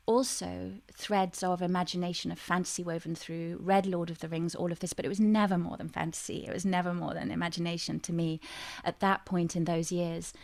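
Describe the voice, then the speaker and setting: A woman guest on a radio interview show, telling a personal story in a reflective, searching way, with many pauses and restarts. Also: on the low side, vocal fry, a little mellow, dry recording.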